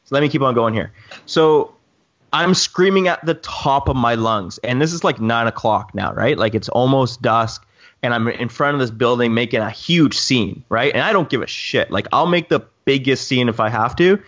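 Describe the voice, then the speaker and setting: A man telling a long story in casual chat with friends, rambling and animated with many restarts. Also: mid-range voice, normal speed, lo-fi sound. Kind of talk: casual chat among drone pilots.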